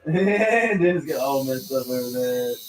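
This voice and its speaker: This tattoo artist's delivery is unhurried and lively in intonation, at a medium pitch. He rambles through TV episode recaps with plenty of "like" fillers and laughs often, chatting casually. The mic sits at a distance in an echoey studio with faint noise.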